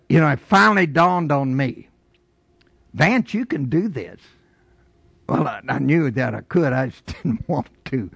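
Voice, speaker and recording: A man's voice: fairly high pitch, vocal fry, a bit bright, no room sound. A man preaching a sermon in a folksy, storytelling way, with emphatic rising bursts. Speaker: pastor.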